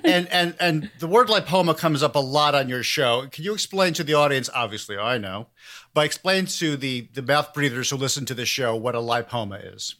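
A man's voice: mid-range voice, lively intonation, fairly quick, sharp tone. A man hosting a comedic interview, talking in a dry, mock-grandiose way, as if he made humanity. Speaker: podcast host.

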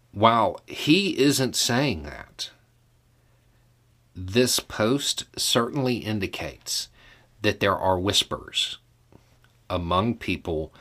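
Podcast host, male, low voice, slow, unhurried thinking-aloud delivery. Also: a bit bright. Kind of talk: casual solo commentary.

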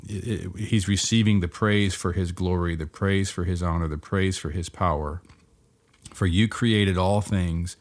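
A man with a deep, low voice gives devotional Bible teaching. He is middle-aged, earnest and measured, and he slows down whenever he reads Scripture aloud. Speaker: podcast host teaching on prayer.

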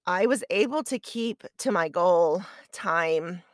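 Chatty woman podcaster, low dry voice. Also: lively intonation, slow pace, no echo. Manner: chatty, conversational, self-deprecating. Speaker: podcast host. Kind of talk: casual storytelling.

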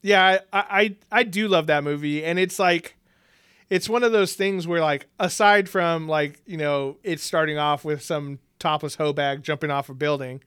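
A man's voice: on the high side, moderate pace, a bit bright, clear, resonant tone, dry recording, studio quality. A man co-hosting a casual movie chat, laughing often and swearing freely as he rambles. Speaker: podcast co-host.

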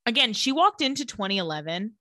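A woman's voice: on the high side, sing-song, fast, sharp tone, no room sound, clean studio sound. A woman co-hosting a podcast, recapping a TV episode in a wry, chatty way. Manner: chatty, wry, acts out quotes. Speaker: podcast co-host. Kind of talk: casual TV episode recap chat.

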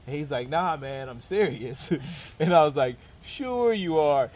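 A young man casually telling a long personal story, animated and often laughing as he goes. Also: medium pitch, moderate pace. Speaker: storyteller guest.

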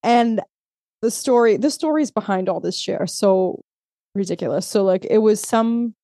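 A woman co-hosting a podcast, chatting casually. She swears freely and breaks into laughter. Her voice is mellow and relaxed, and it sits dry and close on the mic. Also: mid-range voice, moderate pace, dry recording. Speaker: podcast co-host. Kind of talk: casual chat.

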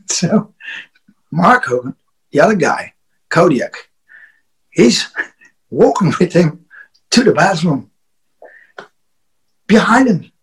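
A man's voice: on the high side, sing-song, takes it slowly, pauses often, breathy edge, low-quality recording. A Dutch man with a Dutch accent, a wrestler guesting on a podcast, telling a rowdy, profane story with frequent laughs and restarts. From Netherlands. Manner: laughing often, restarting words, loose and profane. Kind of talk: casual storytelling.

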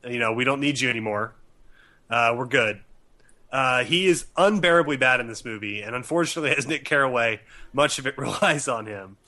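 Sarcastic halting man reviewing a film. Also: mid-range voice, pushed and bright. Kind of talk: casual podcast film review.

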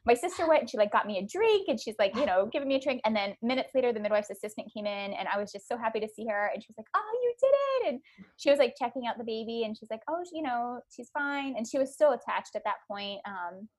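A woman's voice: a little high, racing, a little mellow. A woman in her thirties, a podcast guest, casually telling her birth story with many likes and ums.

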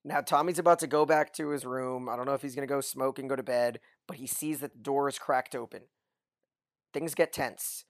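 A man co-hosting a podcast, giving a casual, lively recap of a TV episode and chuckling often. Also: mid-range voice, fairly quick, no room sound, studio quality. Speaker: podcast co-host.

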